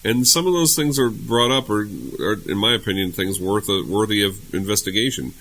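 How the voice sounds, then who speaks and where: A man's voice: fairly low pitch, lively intonation, moderate pace, a bit bright, slight background noise, rough recording. A man co-hosting a casual talk show, agreeing and chiming in with short replies. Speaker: podcast co-host. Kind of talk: casual political chat.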